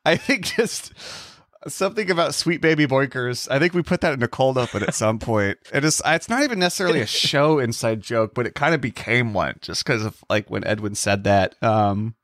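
Podcast guy rambling and laughing, totally dry mic, normal pitch. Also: animated, fairly quick, a bit bright, dry recording. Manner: chatty, laughs along, loses his thread. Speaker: podcast co-host. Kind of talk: casual chat.

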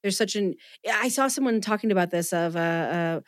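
A woman hosting a podcast, chatting casually with quick asides and self-deprecating jokes. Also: medium pitch, no echo, studio quality. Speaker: podcast host.

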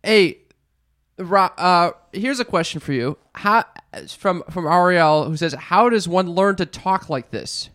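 A man co-hosting a podcast in casual chat, blunt and crude in a quick way. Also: high-pitched, fairly bright tone. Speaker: podcast co-host.

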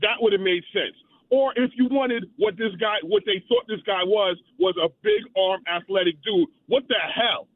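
A man's voice: high-pitched, lively intonation, normal speed, dry recording. A male radio caller, talking bluntly and animatedly about his opinion. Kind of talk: call-in radio chat. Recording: tinny phone line.

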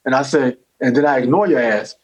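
A man telling a long comic story in casual chat, animated and profane, repeating phrases as he goes. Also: medium pitch, fairly quick, a little hiss or hum, rough recording. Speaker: comedian guest.

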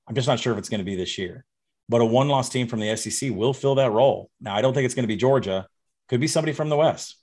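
A man's voice: mid-range voice, rapid-fire, darkish tone, slightly rough. A man from Arkansas, a betting guest on a podcast, giving confident, emphatic predictions in casual chat. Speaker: college football betting guest.

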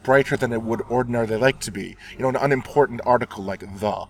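Halting man explaining vowels. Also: mid-range voice. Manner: thoughtful, halting, laughing. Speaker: choir singer. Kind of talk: casual chat. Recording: distant mic with crowd around.

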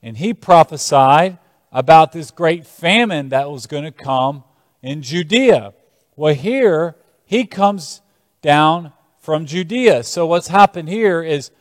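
A male preacher delivers a sermon, telling scripture as lively stories and leaning hard on key words. His voice sits fairly high. It rings out with a long reverb through a large church hall. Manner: animated storytelling, shifting emphasis.

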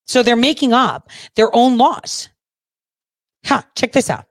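A woman's voice: on the high side, expressive, unhurried, pauses often, no echo, studio quality. A woman running for office, indignantly reading legal text aloud and swearing as she rants. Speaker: political candidate. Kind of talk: ranting video commentary.

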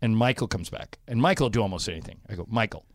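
A man's voice: lowish voice, rapid-fire, no echo. A man hosting a radio show, telling stories in casual banter, laughing often and acting out what people said. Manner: animated storyteller, laughs often, acts out quotes.

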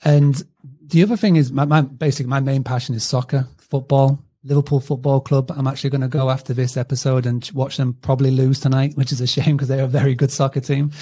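A man's voice: medium pitch, flat delivery, fast, mellow, slightly rough. A man from northern England with a mixed accent, a podcast guest chatting casually, laughing and restarting his sentences. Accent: Northern English, mixed. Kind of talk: casual interview chat.

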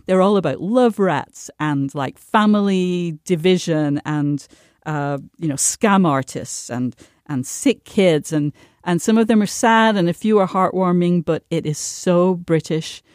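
A woman on a podcast panel, chatting casually with frequent halting restarts. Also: fairly low pitch, darkish tone, dry recording, studio quality. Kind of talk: casual chat.

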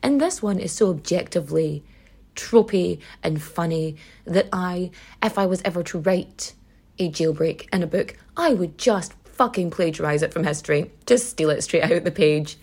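A woman's voice: lowish voice, moderate pace, darkish tone, breathy edge. A woman with a Donegal Irish accent hosting a podcast, telling history in a chatty, sweary, irreverent way. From Donegal, Ireland. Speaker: podcast host. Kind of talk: casual storytelling podcast.

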